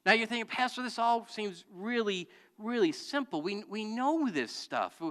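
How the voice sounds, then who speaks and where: A man's voice: high voice, animated, normal speed, pushed and bright, long reverb tail. A man preaching a sermon as pastor, telling a story and calling out to the congregation for answers. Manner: storytelling with audience call-and-response. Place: church sanctuary.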